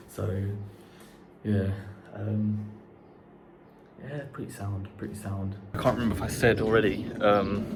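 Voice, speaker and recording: A young man chatting casually to camera, rambling and swearing now and then, in an unfinished house. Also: lowish voice. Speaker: vlogger. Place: unfinished house under renovation, indoors. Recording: echoey empty room, faint background noise.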